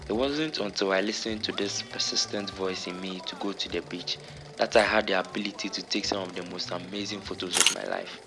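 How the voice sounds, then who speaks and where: Deep-voiced man, motivational voice-over. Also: fairly even intonation, a little fast. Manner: earnest, preaching tone. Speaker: vlogger. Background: music.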